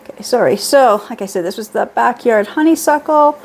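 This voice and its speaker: A woman's voice: fairly high pitch, expressive, brisk, slight background noise. A middle-aged woman chatting casually at home through a beauty haul, reading prices and labels aloud. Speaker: beauty vlogger.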